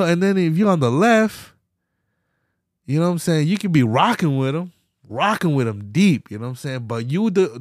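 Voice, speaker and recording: A man's voice: dry recording, clean studio sound. Profane, heated man ranting. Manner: swings between loud outbursts and low mutters. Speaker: podcast host. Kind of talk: casual political rant.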